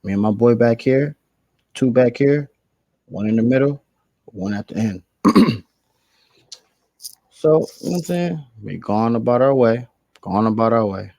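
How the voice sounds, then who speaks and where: A man's voice: mid-range voice, a little slow, creaky, long pauses, no echo, low-quality recording. A young man, casually telling a slangy, rambling story and correcting himself as he goes. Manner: rambling, slangy, animated retelling with self-corrections.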